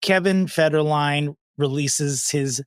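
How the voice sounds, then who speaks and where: A man's voice: a little high, slow, smooth, dry recording. Wry, profane young man co-host. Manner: dry, profane, wry asides. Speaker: podcast co-host. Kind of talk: casual comedic chat.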